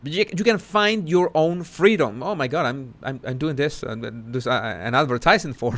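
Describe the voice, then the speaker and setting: A man hosting a casual live commentary, talking haltingly with many restarts and self-corrections. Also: medium pitch, fairly bright tone. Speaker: social commentary host.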